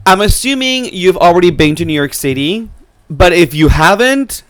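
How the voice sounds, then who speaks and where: A man co-hosting a podcast in casual chat, talking fast and loose with lots of "like" and swearing as he gives advice. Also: sits high, huge pitch swings. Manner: chatty, profane, giving advice with lots of "like". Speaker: podcast co-host. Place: New York City.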